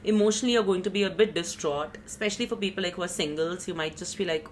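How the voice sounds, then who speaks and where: A woman talks through a tarot reading in a relaxed, conversational way. Her voice sits a little low, and she rambles and jokes at her own expense. The talk is full of casual fillers. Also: quick pace, slight background noise. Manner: chatty, rambling, self-teasing, frequent "you know" and "like". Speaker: tarot reader.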